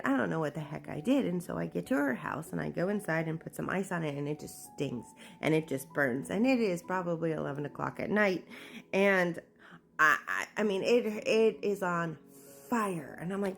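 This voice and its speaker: A woman with a low, gravelly voice tells her own story candidly, slipping into the voices of the people in it. Faint music plays under her. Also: moderate pace. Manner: candid, animated, acts out quoted speech. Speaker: memoir narrator. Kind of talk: personal storytelling.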